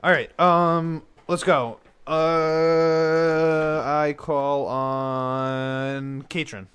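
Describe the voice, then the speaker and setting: A man on a podcast panel makes short, relaxed remarks in casual chat. He talks slowly, and his mid-pitched voice is very smooth and clean. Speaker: podcast co-host.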